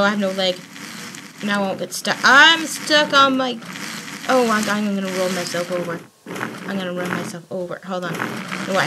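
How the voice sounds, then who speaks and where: Excitable woman narrating her gameplay. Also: mid-range voice, heavy background noise. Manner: excitable, talks to herself, frequent exclamations. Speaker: gaming channel host. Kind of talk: casual let's play commentary.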